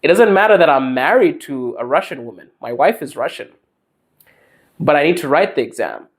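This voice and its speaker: Emphatic man, lively pitch. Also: moderate pace. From Zimbabwe. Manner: emphatic, preachy. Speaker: podcast host. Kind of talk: advice monologue.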